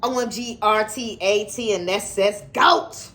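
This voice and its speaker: A woman's voice: mid-range voice, measured pace, a bit bright. A woman talking casually to her viewers in an unboxing vlog, sassy and teasing, often laughing and calling them sweetie. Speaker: YouTuber.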